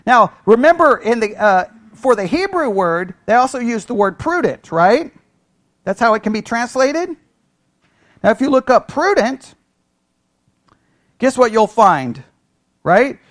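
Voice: mid-range voice, very animated, measured pace, pauses often, dry recording, clean studio sound. A Bible study teacher who speaks with energy, keeps asking the listeners questions and checking in with "right?", and thinks aloud with restarts.

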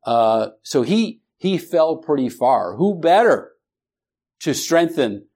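A man teaching a Bible study class, speaking haltingly with many restarts and questions to the students. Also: a little high, big pitch swings, a little mellow, slightly rough.

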